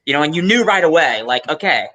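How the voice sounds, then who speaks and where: A man's voice: fairly high pitch, very animated, quick pace, pushed and bright. A man co-hosting a casual chat, talking reflectively with rambling asides and self-corrections. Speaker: co-host.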